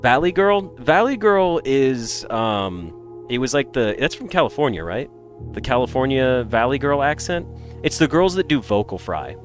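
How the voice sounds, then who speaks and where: Animated American guy chatting with his stream. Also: mid-range voice, normal speed, faint music behind. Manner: animated, rambling, swings between loud bursts and mutters. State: congested. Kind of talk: casual chat with viewers.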